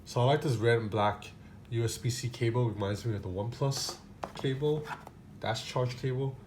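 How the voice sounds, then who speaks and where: A man's voice: medium pitch, moderate pace, darkish tone, slight background noise. A man reviewing a gadget in a casual unboxing, talking loosely with many fillers and restarts.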